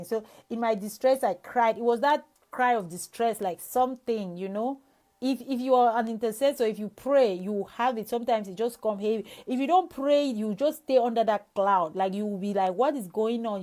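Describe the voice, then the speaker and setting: A woman's voice: mid-range voice, moderate pace, mellow. A young adult woman evangelist giving a devotional sermon, reading scripture and sharing an earnest personal testimony with many restarts.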